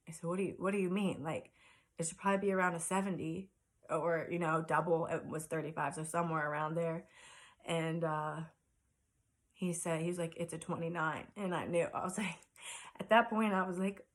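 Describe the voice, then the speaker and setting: A woman vlogger telling a personal story to camera in an earnest, halting way, full of fillers and restarts, close to tears at times. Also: on the low side.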